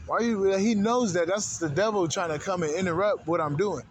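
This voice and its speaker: A man's voice: sits high, fairly quick, slight background noise. A man hosting an unscripted spiritual monologue, talking in loose, profane slang, rambling from one thought to the next. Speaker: spiritual channel host.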